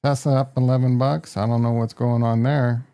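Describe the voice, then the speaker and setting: A man's voice: medium pitch, level tone, moderate pace, dark tone, clear, resonant tone. A man with a Midwestern American accent hosting a casual live stock market stream, brash and joking as he reacts to prices and talks to his chat. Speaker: market livestream host.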